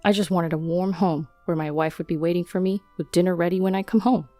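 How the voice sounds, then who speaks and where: Seorang suami yang membela diri dengan keras kepala, dibacakan oleh seorang perempuan dengan suara rendah dan lembut. Rekamannya kering dan dekat, dengan musik latar yang samar di belakang. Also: female voice, fairly low pitch, fairly even intonation, quick pace, warm tone, dry recording, soft background music, lightly acted. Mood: defensive. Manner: defensive, self-justifying. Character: defiant cheating husband, middle-aged man.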